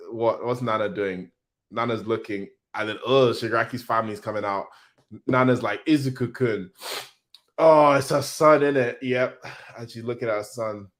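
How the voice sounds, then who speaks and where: A man hosting a casual manga reaction, reading panels aloud in an excitable, slangy way. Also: medium pitch.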